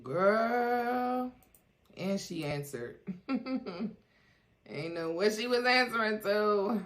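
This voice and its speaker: A woman's voice: medium pitch, animated, a bit bright, a little hiss or hum. A woman hosting a reaction video with playful, casual commentary. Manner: playful, drawn-out, laughing asides.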